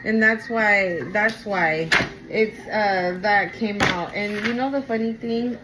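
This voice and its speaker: A woman's voice: medium pitch, takes it slowly, heavy background noise. A woman giving a casual spoken tarot reading to her viewers, talking in an emphatic, repetitive way. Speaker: tarot reader.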